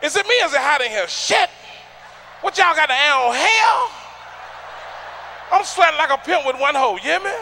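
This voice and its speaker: A man from Atlanta doing loud, profane stand-up comedy on stage, teasing the crowd and shouting punchlines. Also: very high voice, lively intonation, moderate pace, creaky, pauses often, slight background noise. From Atlanta, USA.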